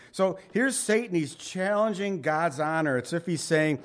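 A man with a voice pitched slightly above the usual, delivering a sermon in a relaxed, conversational way. He reads scripture in old-fashioned wording and slips in homespun asides and little jokes between the verses. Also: moderate pace, few pauses. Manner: conversational Bible teaching with folksy asides and jokes; reads scripture aloud in King James wording. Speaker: pastor.

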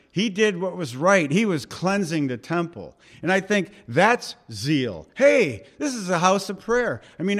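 A middle-aged man preaching, his voice sitting a touch higher than most men's. He swings from loud, urging appeals to quiet, confiding asides and acts out the people he quotes. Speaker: pastor. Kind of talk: sermon.

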